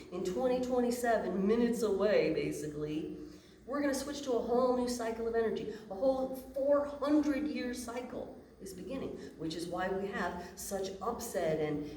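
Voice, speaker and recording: A woman's voice: mid-range voice, slight background noise. A woman giving a casual, playful talk to an audience as a human design teacher. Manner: casual and playful, acts out imagined inner voices. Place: room with an audience. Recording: echoey room from a distant mic.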